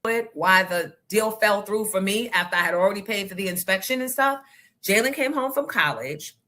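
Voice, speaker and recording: A middle-aged woman hosting a morning radio show, telling stories in a blunt, profane, animated way. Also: medium pitch, moderate pace. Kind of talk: casual storytelling chat.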